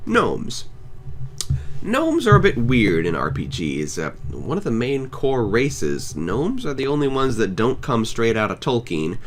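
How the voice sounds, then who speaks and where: A man with a low voice reads a scripted podcast review. His pitch swings widely as he talks, and his delivery is wry and enthusiastic. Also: slight background noise. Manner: wry, enthusiastic, lively intonation. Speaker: podcast host. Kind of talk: scripted film review monologue.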